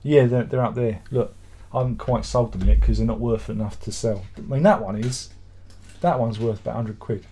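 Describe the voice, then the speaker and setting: A man's voice: medium pitch, fairly even intonation, brisk, warm tone, breathy edge. A middle-aged man hosting a casual live stream from home, reading out viewer comments and answering in a rambling, sardonic, grumbling way. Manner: rambling, sardonic and grumbling, with mock-exasperated asides.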